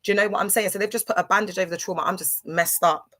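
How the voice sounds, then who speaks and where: Rapid-fire and steady in tone, her medium-pitched, fairly bright voice carries a rambling personal story on her livestream. The London host's casual monologue is full of fillers and restarts.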